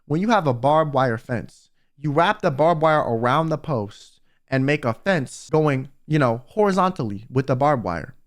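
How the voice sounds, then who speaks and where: A young man tells a story to his viewers in a high, animated voice that swings up and down. He sounds exasperated and talks straight to the listener, casual and chatty. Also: normal speed. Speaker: vtuber storyteller.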